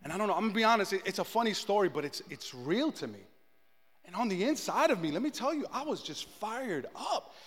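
High-voiced pastor preaching in an echoing hall. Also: male voice, quick pace. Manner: animated, self-mocking storyteller who acts out his own shouting. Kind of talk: sermon with personal storytelling.

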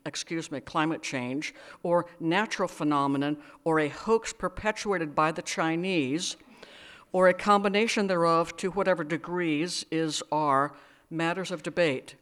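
A woman's voice: low voice, a little slow, a bit bright. A woman author reading her own fiction aloud, with wry, dry asides and hesitant fillers. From United States. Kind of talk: live literary reading with asides.

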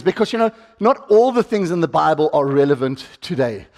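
A high-voiced man preaches to his congregation. He keeps it chatty, throws questions at the room and acts out little quotes. A long church-hall reverb trails after his words. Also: lively intonation, fairly quick, darkish tone. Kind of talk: sermon.

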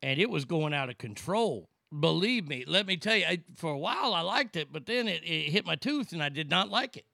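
A man's voice: a little high, lively intonation, a little fast, gravelly, hardly any pauses, sharp tone, dry recording, studio quality, exaggerated voice. A man playing a prank caller with a chipped-tooth lisp, making a rambling, mock-earnest complaint.

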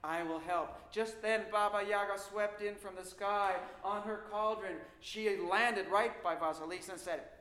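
Animated, suspenseful male storyteller. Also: high-pitched. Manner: animated, suspenseful, dramatic pauses. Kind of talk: spooky folktale storytelling. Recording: echoey room with faint noise.

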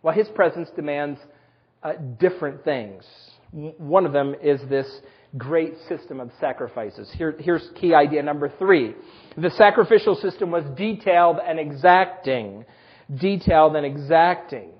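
A man preaching a sermon, telling personal stories with self-deprecating humor in a husky voice. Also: fairly high pitch, moderate pace, lo-fi sound. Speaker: pastor.

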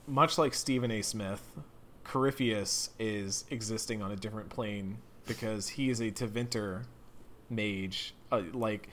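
Animated man on a gaming podcast. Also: lowish voice, slight background noise. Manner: animated, laughing, does mock voices for quotes. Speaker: podcast co-host. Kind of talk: casual gaming podcast chat.

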